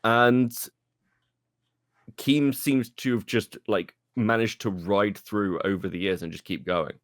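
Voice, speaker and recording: A man's voice: on the low side, steady tone, takes it slowly, dry recording, studio quality. A man co-hosting a podcast, arguing his points emphatically and often repeating himself. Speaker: podcast co-host. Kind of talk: casual podcast chat.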